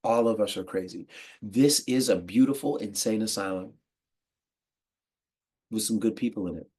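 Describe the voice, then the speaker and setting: An American man giving a casual, slangy monologue to the camera, animated and quick to laugh. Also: on the low side, slightly rough. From United States. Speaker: podcast host.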